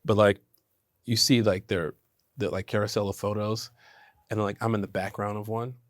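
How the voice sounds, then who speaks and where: A man, an actor, chatting in an interview and telling animated stories, laughing often. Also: on the low side, normal speed, no echo, clean studio sound. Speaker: actor guest. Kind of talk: casual interview chat.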